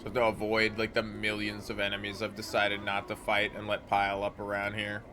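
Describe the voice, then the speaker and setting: A man's voice: fairly low pitch, completely flat delivery, fairly quick, bright, forceful tone, a little hiss or hum. A man streaming a game live, chatting casually and reading the game's narration aloud with the odd stumble.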